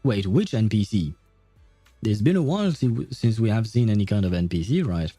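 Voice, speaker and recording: A man's voice: lowish voice, expressive, moderate pace, warm tone, husky, dry recording, soft background music. A man streaming a game, reading its dialogue aloud and chatting with a laugh and many restarts, with a lozenge in his mouth.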